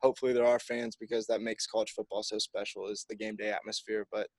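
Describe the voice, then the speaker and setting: A man's voice: fairly low pitch, little pitch movement, fast talker, dry recording. A young man, a college football kicker, answering press conference questions in an upbeat, easygoing way. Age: young adult.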